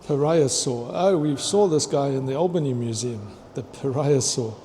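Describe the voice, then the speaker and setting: A man's voice: mid-range voice, moderate pace, dark tone, a little hiss or hum. Enthusiastic man touring a museum. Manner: enthusiastic, chatty, stumbles over long names and laughs. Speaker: vlogger touring a fossil museum. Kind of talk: walking museum tour vlog. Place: indoor museum hall.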